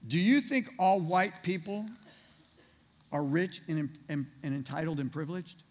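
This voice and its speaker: Male pastor, high voice, chatty sermon full of questions, reverberant hall. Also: unhurried. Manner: conversational, rhetorical questions to congregation. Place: church sanctuary.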